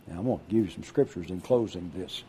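An older man preaching a sermon, husky-voiced, dropping to a hush and then calling out loud. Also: sits low, quick pace, a little hiss or hum. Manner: animated preaching, drops to a hush then shouts out. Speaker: pastor.

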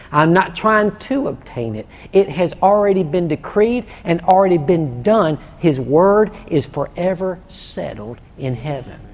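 A man preaching a sermon in a conversational way, often restarting and stammering, warming up as he goes. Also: on the high side. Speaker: pastor.

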